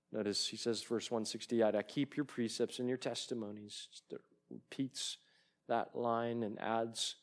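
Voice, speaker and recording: Male pastor, unhurried sermon delivery, mid-range voice, builds intensity on quoted passages. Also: mid-range voice. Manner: slow, deliberate preaching that swells louder on quoted lines.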